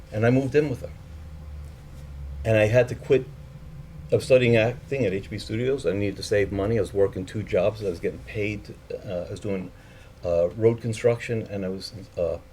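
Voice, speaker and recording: A man's voice: lowish voice, dark tone, a little hiss or hum. A man telling a personal story in a candid, profane way, acting out the voices of the people in it.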